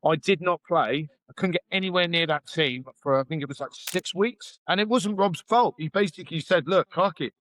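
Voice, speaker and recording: A man's voice: on the high side, brisk, few pauses, a bit bright, a little hiss or hum, rough recording. Candid ex-rugby man telling stories. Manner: candid, swears freely, acts out quotes. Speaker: podcast guest, former rugby hooker. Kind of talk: casual storytelling.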